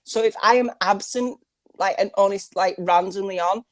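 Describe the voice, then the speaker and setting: A woman's voice: medium pitch, moderate pace, no echo, clean studio sound. A woman with an English accent co-hosting a podcast in casual chat, chatty and laughing, with plenty of "like.". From England. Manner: chatty, says "like" a lot, laughs often. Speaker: podcast co-host.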